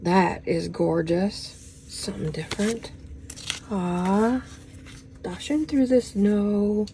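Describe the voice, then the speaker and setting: A woman in her fifties talks through an unboxing in a relaxed, unhurried way, her voice soft and warm. She gushes over each find with small exclamations. A faint hum of noise sits behind her. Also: mid-range voice, low-quality recording. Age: 50s. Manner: gushing, exclamatory, full of little "oh"s and "how fun"s. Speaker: crafting vlogger unboxing a haul. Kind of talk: casual unboxing chat.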